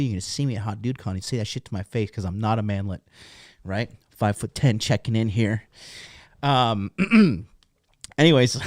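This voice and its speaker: A man's voice: medium pitch, no echo, studio quality. A man in his thirties hosting a casual livestream, talking bluntly and profanely in a rambling way. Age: 30s. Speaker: podcast host.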